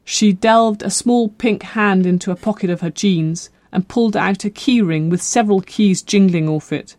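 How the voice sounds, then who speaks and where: An audiobook narrator reading a novel in a measured, expressive way. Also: medium pitch, dry recording. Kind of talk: scripted narration.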